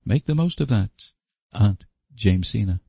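A man's voice: on the low side, expressive, measured pace, gravelly, dark tone, breathy edge, no room sound, voice pushed up, heavily acted. A man reading an audiobook voices a young woman who makes cool, dry remarks. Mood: wry. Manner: dry, offhand asides.

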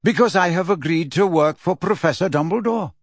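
A man voicing a calm, aloof male centaur teacher, speaking in a measured, quietly dismissive way. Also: sits high, slightly rough, no room sound, studio quality, voice pushed up. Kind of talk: audiobook character reading.

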